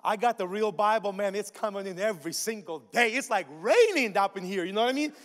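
High-voiced preacher man in a reverberant hall. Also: fairly quick. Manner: animated, casual preaching with asides and repeated phrases. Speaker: pastor. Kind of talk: sermon. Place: large church hall.

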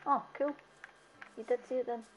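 A woman chatting excitably as she streams a game, laughing often and breaking into loud exclamations. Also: on the high side, moderate pace, a little hiss or hum. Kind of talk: casual gameplay chat.

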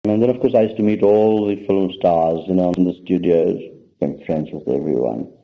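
A man's voice: low-pitched, moderate pace. An older man from India, a spiritual teacher, tells a personal story to an audience in a conversational, anecdotal way. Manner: anecdotal, conversational, addresses listeners directly. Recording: muffled lo-fi talk recording.

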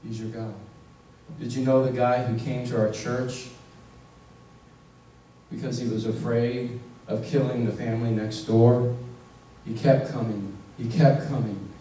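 A man's voice: mid-range voice, fairly even intonation, a little slow, long pauses, mellow, slight background noise. A male pastor preaching a sermon, earnest and questioning his listeners directly, leaning hard on key words. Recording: echoey room, voice from far off.

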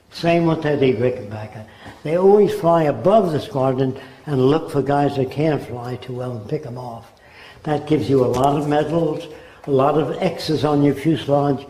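A man's voice: fairly high pitch, dark tone. An older man giving a spoken lecture, emphatic, often dropping into mimicked voices. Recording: roomy echo.

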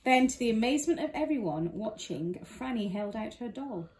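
A woman's voice: on the high side, animated, normal speed, a little mellow, reverberant, a little hiss or hum. Amused older woman reading a storybook. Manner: amused, teasing, often laughing. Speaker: storybook reader. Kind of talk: reading aloud a children's book.

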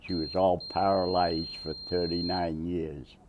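A man's voice: low-pitched, level tone, unhurried, background noise. A man in his nineties, a Navy veteran, telling a long rambling story in an oral history interview, chuckling and acting out the quotes. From Massachusetts, USA. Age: 90s.

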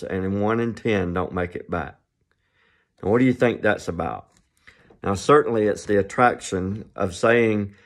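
Male pastor, lowish voice, sermon delivery with questions to the congregation. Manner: storytelling with rhetorical questions.

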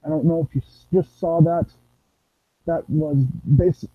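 Young guy chatting slow over a game, kinda high voice, tinny dry mic sound. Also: fairly even intonation, husky, dry recording. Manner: rambling, playful, sings nonsense sounds. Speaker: gameplay streamer. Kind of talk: casual gameplay commentary.

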